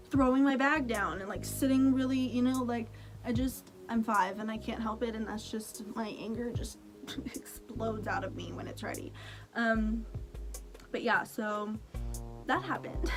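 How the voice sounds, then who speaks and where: A young woman vlogging, telling a story to camera in a chatty, animated way, laughing often and saying "like" a lot. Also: on the high side.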